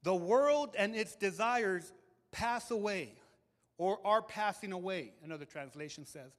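A male pastor preaching a sermon to a live congregation, emphatic and animated, often repeating words as he builds a point. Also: high-pitched, a little slow. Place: church hall with audience. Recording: long reverb of a large hall.

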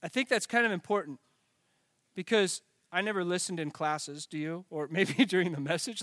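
A man's voice: high-pitched, animated, moderate pace, fairly bright tone, dry recording. A man preaching a sermon as a pastor, casual and joking, often correcting himself mid-sentence.

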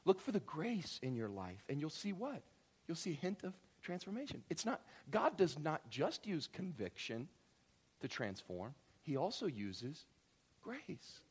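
Guy pastor preaching, voice jumps all over, kinda high, acts out the story bits. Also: moderate pace, slightly rough. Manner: animated storytelling, acts out characters, swings from quiet to loud. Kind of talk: sermon.

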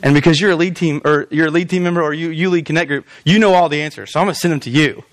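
A male pastor preaching a sermon in a church, animated and often acting out quoted voices. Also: a little high, racing, dry recording.

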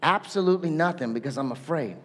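A man's voice: a little high, fast talker, pitched below the performer's own voice. A man voicing a stubborn, fearful male farmer in a put-on rural farmer accent. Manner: refuses everything flatly. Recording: echoey hall.

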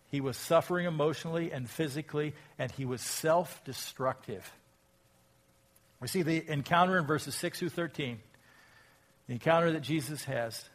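A pastor preaching a sermon, reading scripture aloud and asking reflective, rhetorical questions. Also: male voice, a little high. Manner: reflective, asks rhetorical questions, rises in volume when quoting scripture.

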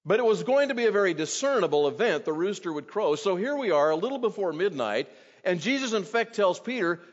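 A man's voice: sits high, sing-song, a little fast. A man preaching an earnest expository sermon to his congregation, his voice rising when he quotes scripture. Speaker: pastor. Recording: dull, long hall reverb.

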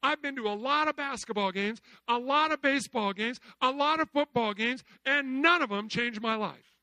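A middle-aged man preaching a sermon as pastor, asking the congregation questions and dropping from loud calls to hushed lines. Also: very high voice, moderate pace, no room sound.

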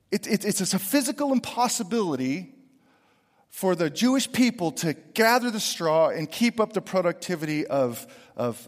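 A middle-aged man preaching a sermon, lively and expressive, swinging from loud emphatic lines to hushed asides. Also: high voice, big-room sound. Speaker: pastor.

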